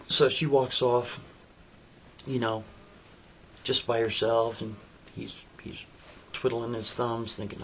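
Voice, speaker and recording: A man's voice: mid-range voice, little pitch movement, slow, pauses often, a bit bright, slight background noise. A man casually retelling a story, loose and conversational.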